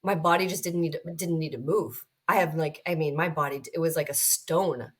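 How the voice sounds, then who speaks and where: A middle-aged woman speaks as a guest on a podcast, her voice sitting a little low. She tells her stories in an animated way, slipping into other people's voices as she recounts what they said. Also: fairly quick, slightly rough. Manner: animated storyteller, acts out voices when recounting. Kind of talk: conversational podcast interview.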